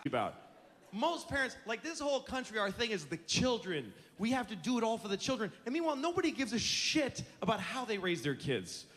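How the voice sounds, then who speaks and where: A man's voice: high-pitched, fairly bright tone. A man doing a stand-up comedy routine on stage, ranting in an exasperated, profane way.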